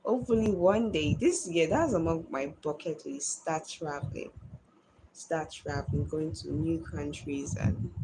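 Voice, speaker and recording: A Nigerian woman hosts a relaxed live stream, reading out viewer comments and answering them in a chatty way. Her voice sits lowish and has a gravelly edge. Faint noise runs under the recording. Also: measured pace. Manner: chatty, greets viewers by name.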